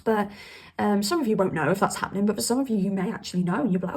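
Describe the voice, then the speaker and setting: Woman tarot reader, casual and emphatic, husky gravelly voice. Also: medium pitch, racing. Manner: chatty, emphatic, laughs often. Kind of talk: casual tarot reading to camera.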